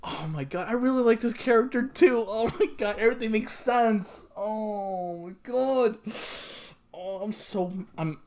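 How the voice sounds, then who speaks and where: A man's voice: high voice, moderate pace, few pauses, darkish tone. A man reacting to an anime episode in casual commentary, exasperated and swearing, repeating himself and sometimes dropping to a mutter. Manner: drops into muttered whispers. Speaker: anime reaction channel host.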